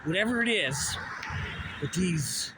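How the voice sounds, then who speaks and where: A man's voice: sits high, lively intonation, takes it slowly. A man rambling and cursing in a walk-and-talk monologue outdoors, recorded on a handheld phone by a road. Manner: rambling, profane, addresses Russia directly. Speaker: vlogger. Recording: outdoor noise with passing vehicles.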